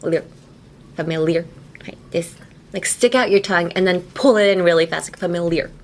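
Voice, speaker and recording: A woman's voice: fairly low pitch, brisk. Giggly woman podcast host teaching English. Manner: chatty and giggly, many "like" fillers. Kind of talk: casual teaching chat. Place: radio station studio.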